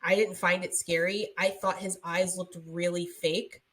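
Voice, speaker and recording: A woman's voice: fairly low pitch, little pitch movement, unhurried, a bit bright. A young woman co-hosting a podcast, chatting casually and rambling with many fillers. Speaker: podcast co-host. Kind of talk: casual chat.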